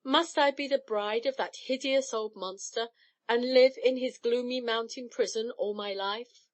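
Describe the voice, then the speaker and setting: A woman voicing a beautiful, gentle young goddess who pleads and wails in a storybook tale. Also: on the high side, unhurried, no room sound, lightly acted. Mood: pleading. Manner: pleading, wailing.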